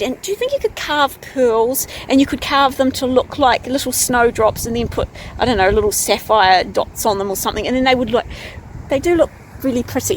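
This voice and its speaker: A woman's voice: on the high side, slight background noise. A young woman with a New Zealand accent, chatting enthusiastically as she walks through her garden for her vlog. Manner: bubbly, enthusiastic, chatty with soft asides. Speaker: vlogger. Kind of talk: casual chatty vlog, walking garden tour. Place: outdoors in a garden.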